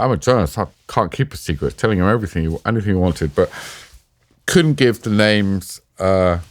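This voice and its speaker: A British man, an interview guest, telling a personal story in a halting, emotional way, sometimes choked up. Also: sits low, dry recording, studio quality. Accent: British English. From Britain. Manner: halting, emotional retelling with restarts. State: choked up at times.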